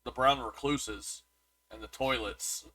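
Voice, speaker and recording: A man's voice: medium pitch, slow pace, a crowd in the background. A man co-hosting a podcast, chatting casually about a movie and reading reviews aloud, with lots of restarts. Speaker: podcast co-host.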